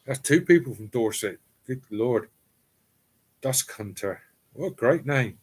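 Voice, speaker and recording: A man's voice: mid-range voice, expressive, a little slow, slightly rough. A middle-aged man with an East Cornish accent hosts a live stream from his home cellar. He chats casually and rambles, reading out viewer comments. His talk is full of ums and restarts.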